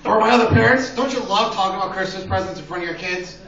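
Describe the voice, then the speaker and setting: A man's voice: high-pitched, fast talker, bright, forceful tone. A man doing crude open-mic stand-up in a small comedy venue, rambling and acting out voices. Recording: roomy lo-fi sound from a distant mic.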